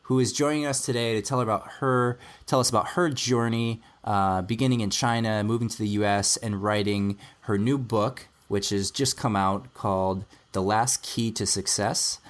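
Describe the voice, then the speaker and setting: A man's voice: on the low side, fairly even intonation, normal speed, hardly any pauses. A man hosting a casual podcast, friendly and introducing guests and co-hosts. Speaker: podcast host.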